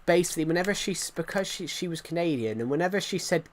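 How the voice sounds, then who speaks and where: A man's voice: a little high, lively intonation, fast, slight background noise. A young man chatting casually while livestreaming a game, rambling and poking fun at himself. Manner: rambling, self-mocking, easily sidetracked. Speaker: gaming livestreamer.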